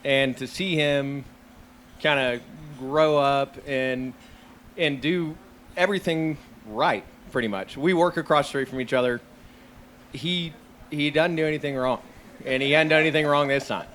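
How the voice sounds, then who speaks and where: A man's voice: fairly high pitch, measured pace, fairly bright tone, a little hiss or hum. A young man giving a heartfelt, laughing rehearsal dinner toast to a childhood friend.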